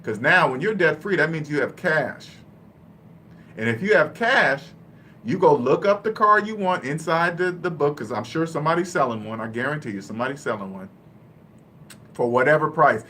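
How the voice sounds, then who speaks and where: Blunt, animated man talking money. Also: on the high side, slight background noise. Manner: animated and blunt, laughs often, acts out quick dialogues. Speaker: personal finance vlogger. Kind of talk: casual live-stream talk.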